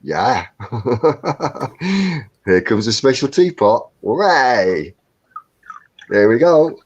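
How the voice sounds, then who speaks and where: A man's voice: mid-range voice, very animated, slightly rough, dull audio. A man co-hosting a casual live stream from home over a computer mic, joking and laughing as he chats. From England. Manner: jokey, laughs often, slow chatty delivery. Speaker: co-host.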